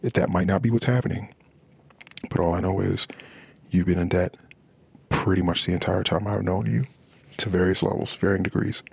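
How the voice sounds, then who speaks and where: Low gravelly man venting. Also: fairly even intonation, normal speed, pauses often. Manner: rambling, frustrated venting. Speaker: podcast host. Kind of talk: personal monologue about marriage.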